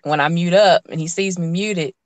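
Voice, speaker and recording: A woman's voice: on the low side, moderate pace, dry recording. A woman guest in a casual interview, telling stories animatedly and acting out what people said. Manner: animated storyteller, acts out quotes.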